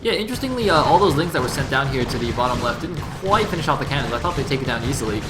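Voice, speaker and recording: A man commentating a live strategy game, explaining tactics and getting loud during big fights. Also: mid-range voice, expressive, racing, heavy background noise. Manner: analytical, gets loud in fights. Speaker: esports caster.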